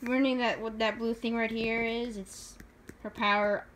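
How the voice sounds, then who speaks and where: A woman's voice: a little high, little pitch movement, moderate pace, a bit bright, slight background noise. A young woman showing her own drawings in a casual, rambling chat, giggling often and making fun of herself. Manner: giggly, rambling, self-deprecating.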